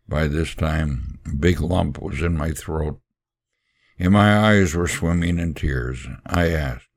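A man reading a first-person story aloud, earnest and unhurried, with occasional fillers and sermon-like asides. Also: extremely low pitch, dry recording.

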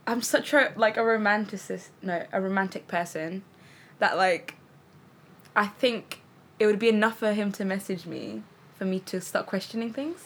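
A woman's voice: mid-range voice, moderate pace. A woman co-hosting a casual group chat podcast, chatty and teasing. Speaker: podcast co-host.

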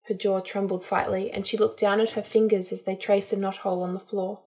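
A woman narrating a story as an audiobook, in a calm, even storytelling manner. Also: mid-range voice, fairly quick, hardly any pauses. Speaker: audiobook reader.

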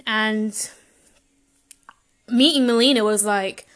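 A woman's voice: on the high side, slow pace, fairly bright tone, clear, resonant tone. A young woman tells a personal story in a gushing, emotional way and laughs often.

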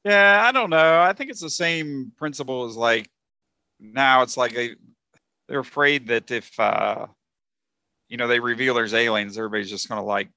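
Male co-host, bright tone, close dry sound, casual movie talk with lots of restarts. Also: medium pitch, no echo. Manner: halting, many fillers and restarts. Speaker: podcast co-host. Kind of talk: casual movie review chat.

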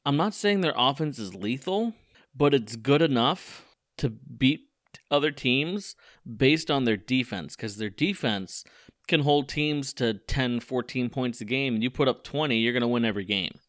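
A young man co-hosting a casual sports podcast, animated and quick to laugh, tripping over his words when he gets excited. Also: mid-range voice, dry recording, clean studio sound. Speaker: podcast co-host.

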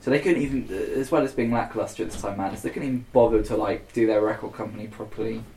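A man's voice: on the low side, fairly even intonation, quick pace, mellow, reverberant, slight background noise, low-quality recording. A man co-hosting a podcast, teasing the others and reading out facts in casual chat. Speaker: podcast co-host.

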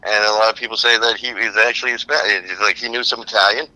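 A man guests on a podcast, telling stories with jokey asides in an animated way. His voice is lowish yet very forceful and sharp. The recording is close and dry. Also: fast, no echo, low-quality recording. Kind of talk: casual podcast chat.

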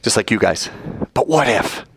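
Lively, joking man preaching to students. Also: fairly low pitch, moderate pace, husky. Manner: animated, joking, acts out quoted voices. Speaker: youth speaker. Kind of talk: sermon to students.

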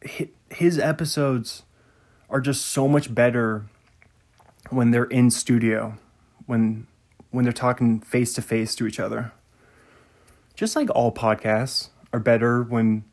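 A man's voice: medium pitch, a little mellow. A man hosting a podcast in casual chat, rambling and musing aloud, often trailing off mid-sentence. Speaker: podcast host.

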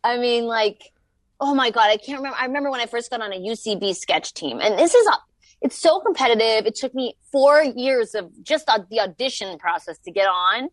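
A woman's voice: fairly high pitch, expressive, fairly quick, no echo. A young woman telling stories as a podcast guest, rambling with many fillers. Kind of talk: casual podcast chat.

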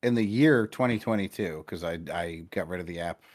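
A young man with a somewhat low voice co-hosts a laid-back sports podcast. He rambles, swears freely and gets excited about his wins. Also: fairly quick. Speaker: podcast co-host. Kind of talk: casual chat.

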